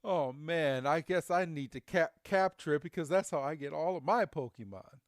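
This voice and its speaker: A man casually recapping a cartoon episode as a podcast co-host, animatedly acting out the characters' lines. His voice sits somewhat high, and the recording is dry and close. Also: moderate pace, no room sound. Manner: animated retelling with silly quoted voices.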